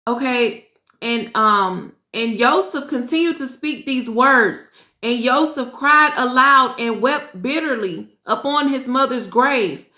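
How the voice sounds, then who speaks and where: Woman, scripture reading with casual asides, high voice, echoey room. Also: sharp tone. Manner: earnest and emotional, pauses to react; casual asides addressing listeners. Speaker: scripture reader and host. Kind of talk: reading aloud with personal commentary. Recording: roomy echo.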